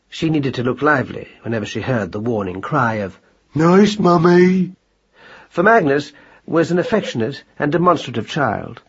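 A man narrating a storybook in a measured, gently wry telling. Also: medium pitch, slightly rough, highs cut off. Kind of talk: audiobook narration.

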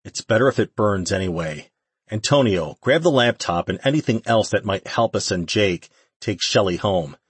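A gruff leader who gives his orders bluntly, as the narrator reads him. The voice is deep and husky, close to the mic in a dry space. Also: animated, moderate pace, no room sound. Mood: commanding. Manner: gruff, commanding.

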